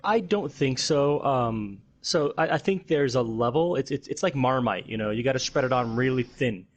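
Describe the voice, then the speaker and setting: A man's voice: mid-range voice, animated, moderate pace. A man co-hosting a podcast, thinking aloud in casual chat and often repeating words as he goes. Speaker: podcast co-host.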